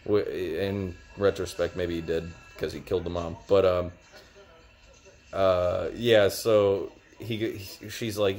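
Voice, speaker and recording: Low-voiced young guy, loose rambling reviewer, heavy on fillers. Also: fairly even intonation, slow pace, darkish tone. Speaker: show reviewer. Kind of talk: casual video review.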